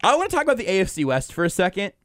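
A man hosting a sports talk radio show, delivering brash, animated hot takes at a rapid clip. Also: high-pitched, dry recording, clean studio sound. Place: radio studio.

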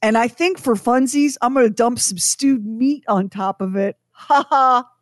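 A woman's voice: fairly high pitch, a little slow, no echo, clean studio sound. Chatty woman radio co-host. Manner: chatty, dramatic, laughs often. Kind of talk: casual radio chat.

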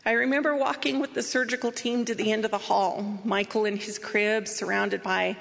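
A woman giving an earnest, measured personal testimony as she tells her story. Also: medium pitch, little pitch movement, vocal fry, a bit bright, big-room sound. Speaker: speaker sharing a personal story.

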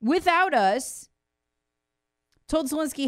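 A woman hosting political commentary in a sarcastic, mocking manner. Her smooth, clear voice sits a bit high and swings all over the place between punchy jabs and quiet asides. The sound is close and completely dry. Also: big pitch swings, normal speed, no echo. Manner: sarcastic, mocking impressions of officials.

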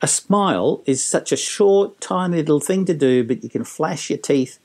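Middle-aged man, lively storyteller and business trainer, chatty, acts out bits of dialogue. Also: on the high side, normal speed. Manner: animated storyteller, acting out quotes. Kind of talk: casual interview talk.

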